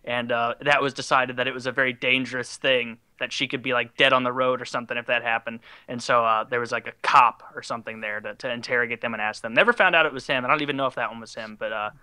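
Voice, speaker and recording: A man's voice: mid-range voice, steady tone, fast, few pauses, bright, forceful tone, clear, resonant tone, no echo. A young man casually telling stories on a podcast, swearing freely and acting out the people he quotes. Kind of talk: casual storytelling chat.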